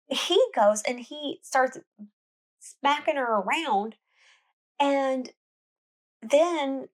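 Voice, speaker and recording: Woman host, mid-pitched, chatty storyteller recapping a book plot. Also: a bit bright. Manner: chatty storytelling with frequent restarts.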